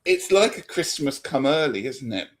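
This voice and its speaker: A man's voice: mid-range voice, big pitch swings, moderate pace. A cheerful man with a mid-range voice co-hosts a tarot livestream from home. Heard over a video call, he teases his partner and laughs easily. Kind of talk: casual live chat.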